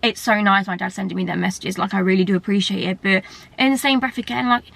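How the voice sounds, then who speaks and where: A woman's voice: medium pitch, steady tone, fast, vocal fry, a bit bright. A young English woman talking candidly to camera in a personal vlog, tearful and rambling. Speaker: vlogger.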